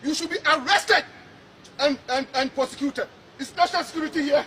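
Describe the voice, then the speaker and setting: A man's voice: very high voice, brisk, pushed and bright. A man, a public official, angrily rebuking people outdoors by a road, repeating his phrases in indignation. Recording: noisy outdoor archive clip.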